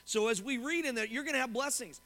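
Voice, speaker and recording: A man preaching a sermon as pastor to his congregation, animated and often asking them questions. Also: very high-pitched, fast talker. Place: church sanctuary. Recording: long hall reverb.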